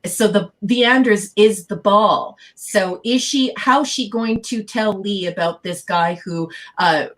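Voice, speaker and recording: A woman's voice: mid-range voice, slow pace, few pauses. A woman co-hosting a podcast, recapping TV scenes in a chatty way and laughing often. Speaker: podcast co-host. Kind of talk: casual chat reviewing a TV episode.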